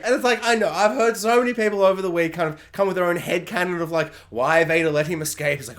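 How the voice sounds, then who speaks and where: A man's voice: high voice, fast talker, hardly any pauses. A man ranting sarcastically in a casual, rambling review. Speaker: video reviewer.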